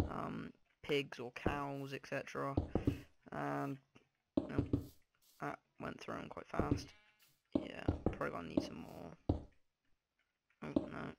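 A man's voice: mid-range voice, vocal fry. A young man with a groggy morning voice giving casual gameplay commentary, half-talking to himself and trailing off. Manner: mumbling to himself while playing, trailing off. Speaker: gaming video host. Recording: loud background noise over the voice.

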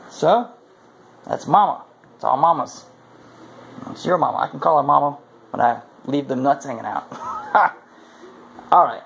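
A man's voice: a little high, creaky, fairly bright tone, slight background noise, low-quality recording. A man chatting crudely and joking while playing with his cat at home. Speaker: cat owner. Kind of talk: casual home video chat.

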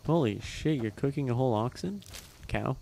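A man's voice: medium pitch, lively intonation, moderate pace, creaky, warm tone, a little hiss or hum. A man casually narrating his gameplay, swearing freely and chatting to the characters on screen. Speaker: gameplay commentator. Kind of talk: casual let's-play commentary.

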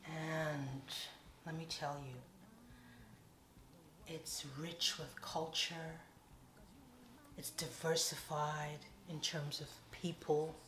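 A woman from an island, telling a casual storytime with playful, animated asides. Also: deep voice, extremely slow, long pauses, a crowd in the background. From Caribbean island. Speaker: vlogger. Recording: echoey room.

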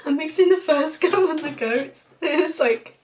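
A woman's voice: high-pitched, moderate pace, darkish tone, a little hiss or hum. A young woman guesting on a reaction video, giggly and teasing in casual chat.

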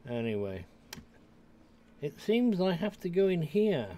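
This time the older British gamer sounds high-pitched and sing-song, with a dark tone and a measured pace. A little hiss or hum sits under his casual commentary as he talks to viewers and mutters to himself while streaming from the United Kingdom.

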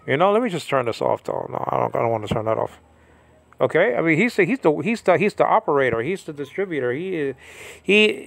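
A man with a slightly high, creaky voice, recorded without echo, gives an informal Bible lesson about Greek words. As a Bible teacher he rambles, repeatedly asking the listener whether they understand.

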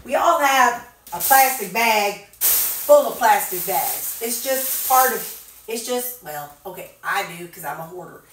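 A woman's voice: mid-range voice, expressive, unhurried, fairly bright tone, slight background noise. A woman, chatting casually and thinking aloud with lots of fillers as she organizes her home kitchen. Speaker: vlogger. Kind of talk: casual chat while organizing. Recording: very echoey room, mic at a distance.

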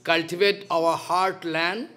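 A man's voice: fairly high pitch, flat delivery, takes it slowly, pushed and bright. A man, a spiritual teacher giving a devotional lecture in a stern, scolding manner, repeating his points. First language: Bengali.

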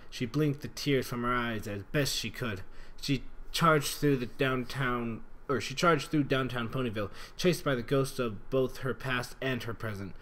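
A man's voice: medium pitch, a bit bright. A man reading fan fiction aloud in an earnest, dramatic way, stumbling over words and rereading lines. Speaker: reader.

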